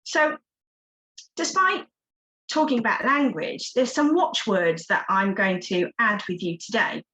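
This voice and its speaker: A woman's voice: a little high, unhurried, fairly bright tone, a little hiss or hum, low-quality recording. A woman, a success coach giving an encouraging, interactive online workshop talk over a video call. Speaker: success coach, guest speaker.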